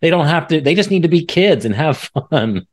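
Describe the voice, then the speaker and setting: A man hosting a faith podcast, talking in a relaxed, thoughtful way with many fillers. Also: a little high, normal speed. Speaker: podcast host. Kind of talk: faith-based podcast conversation.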